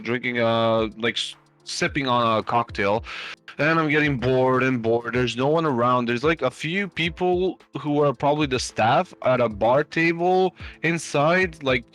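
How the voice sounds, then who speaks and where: A man's voice: medium pitch, a bit bright. Rambling man telling a story. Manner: rambling anecdote with many fillers and restarts; swears casually. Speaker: stream host. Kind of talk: casual storytelling on a live stream.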